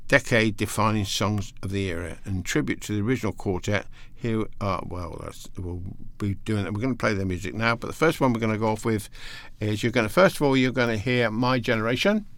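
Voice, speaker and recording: Low-voiced rambling male presenter. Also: fairly quick, hardly any pauses, a bit bright. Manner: rambling, hesitant, loses his place in his notes; reads facts aloud between asides. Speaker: radio presenter. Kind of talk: casual music show presenting.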